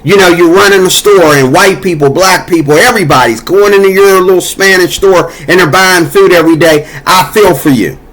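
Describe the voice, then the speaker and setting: A man's voice: sits high, fairly quick, hardly any pauses, fairly bright tone. A man delivering a heated, profane political monologue, scolding and cursing as he talks. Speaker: political commentator. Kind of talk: angry monologue.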